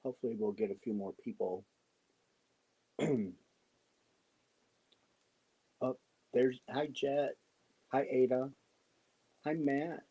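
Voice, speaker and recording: A middle-aged man from the United States hosting a casual livestream chat from home at night, talking softly into his microphone so he won't wake someone sleeping upstairs. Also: fairly even intonation, unhurried, long pauses, rough recording. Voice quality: low, husky voice. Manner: talking softly to keep the house quiet, greeting viewers. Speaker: livestream host. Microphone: microphone worn.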